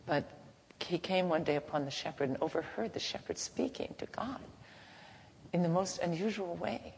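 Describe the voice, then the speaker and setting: Low-voiced woman giving a gentle devotional talk. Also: gravelly. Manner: gentle, unhurried, halting, softly chanting. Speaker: spiritual teacher. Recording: reverberant hall, faint background noise.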